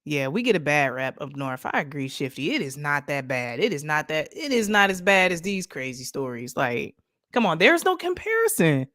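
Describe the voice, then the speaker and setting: A woman's voice: low-pitched, big pitch swings, moderate pace, a bit bright, no echo, studio quality. A woman from Michigan hosting a late-night livestream, chatting casually, laughing often and talking straight to her viewers while reading out stories and chat messages. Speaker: livestream host.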